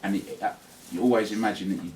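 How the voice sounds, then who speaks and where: A British man and radio DJ, speaking as a guest to a class about presenting, animatedly acting out examples and shifting his loudness. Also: lowish voice, fast talker, a crowd in the background. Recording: roomy classroom, distant mic, music behind.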